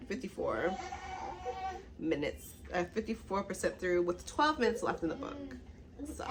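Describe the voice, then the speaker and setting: Animated young woman chatting about books. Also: fairly high pitch, background noise. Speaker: book vlogger. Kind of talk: casual chat recapping a book.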